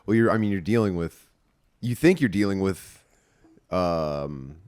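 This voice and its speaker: A man's voice: low voice, lively intonation, unhurried, darkish tone, clean tone. A man in his forties, a podcast guest, talking casually with dry, wry humor and swearing. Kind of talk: casual chat.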